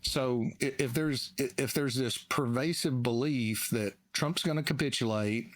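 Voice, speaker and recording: A man's voice: mid-range voice, a little slow. A man with a Southern US accent, a market analyst guest in a conversational market discussion who talks in a thoughtful, folksy way and likes to quote old sayings.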